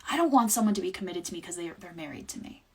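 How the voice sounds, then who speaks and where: Young woman, husky voice, candid reflective livestream monologue that drops quiet at phrase ends. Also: lowish voice, animated, very fast. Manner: candid, reflective, often trailing off to quieter words. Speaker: livestream host. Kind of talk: casual personal monologue.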